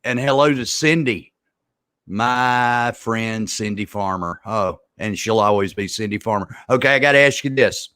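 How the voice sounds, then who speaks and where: A man's voice: fairly low pitch, measured pace, bright, forceful tone, no room sound. A middle-aged man hosting an interview in a folksy, chatty way. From American South. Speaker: radio show host. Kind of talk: casual interview.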